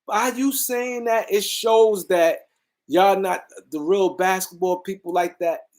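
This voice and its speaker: In a high, slightly mellow voice at a slow pace, a man from the US East Coast hosts a casual sports talk show. He rants emphatically, rambling and repeating his points.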